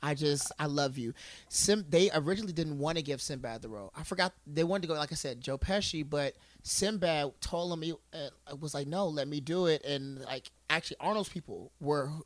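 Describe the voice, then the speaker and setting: High-pitched man rambling in dry sound. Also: fairly quick, few pauses, dry recording. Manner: rambling, restarts, lots of "like". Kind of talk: casual chat.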